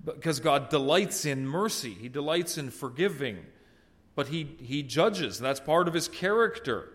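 A man preaching an expository sermon and reading scripture aloud, earnest, swelling loud on exclamations and dropping soft at line ends. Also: a little high. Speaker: pastor.

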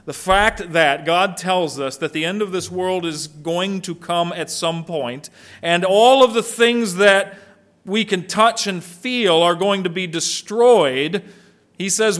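A man's voice: high-pitched, takes it slowly, a bit bright. A middle-aged man preaching a sermon as pastor, emphatic, asking rhetorical questions of the congregation.

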